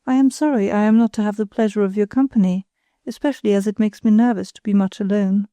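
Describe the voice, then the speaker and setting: A woman's voice: medium pitch, steady tone, quick pace, mellow, dry recording, highs cut off, close to an everyday voice. A woman reading the part of an affected young woman with an artificially sweet, sentimental manner. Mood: petulant.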